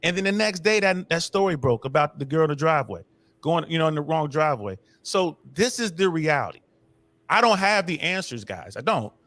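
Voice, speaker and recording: A man's voice: fairly high pitch, sing-song, brisk, fairly bright tone, no echo. A middle-aged man guest in a casual conversation, telling stories and choosing his words carefully. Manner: storytelling, cautious with words.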